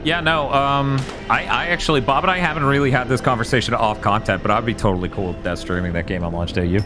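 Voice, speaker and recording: A man's voice: medium pitch, fast, music in the background. A man co-hosting a live game stream, chatting casually in a rambling way and swearing now and then. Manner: rambling, swearing, loose storytelling. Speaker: streamer co-host.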